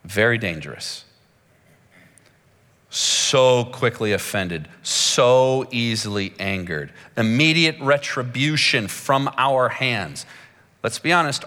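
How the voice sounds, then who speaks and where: A man preaches a sermon in a large church hall, delivering it slowly, dramatically, and emphatically, his voice climbing high when he gets excited. A long hall reverb surrounds the recording.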